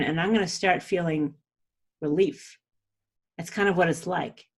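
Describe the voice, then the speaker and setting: A woman's voice: mid-range voice, husky. A middle-aged woman hosting a podcast, talking through a self-help method in a chatty, earnest way and checking in with "okay?". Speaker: podcast host. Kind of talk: casual self-help monologue.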